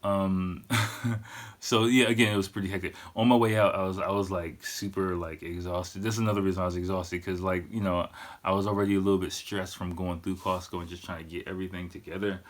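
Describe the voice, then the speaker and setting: A man with a very low voice hosts a podcast and tells his story in a relaxed, rambling way. He swears freely and keeps falling back on "like" and "you know." He sounds middle-aged. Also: brisk. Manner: profane, laid-back, loose with fillers like "you know" and "like". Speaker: podcast host. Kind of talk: casual storytelling monologue.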